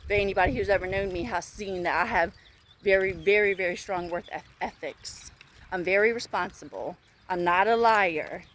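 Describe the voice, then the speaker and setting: Woman, emphatic upset vlog rant, walking outside, phone mic, noisy outdoor background, mid pitch. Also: brisk. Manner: upset, emphatic, repeats herself. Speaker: vlogger. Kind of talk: venting monologue to camera.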